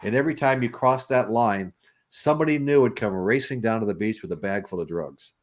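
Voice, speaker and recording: With a fairly low voice and slightly quick pace, a podcast host tells a long, meandering story in casual conversation. He keeps restarting and breaking into laughter.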